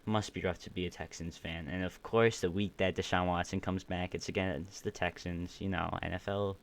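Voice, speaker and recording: A man's voice: low-pitched, little pitch movement, normal speed, gravelly. A young man hosting his own podcast stream, rambling casually with opinionated takes, a bit groggy and burping. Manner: rambling, opinionated, many restarts. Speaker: podcast host ranking football teams. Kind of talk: casual solo stream commentary.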